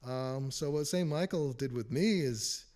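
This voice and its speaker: Guy rambling about his spiritual journey, laughs a lot, mid-pitched voice. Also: a little slow, darkish tone. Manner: rambling, chuckles often, restarts sentences. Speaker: host of a spiritual talk show. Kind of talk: casual spiritual testimony.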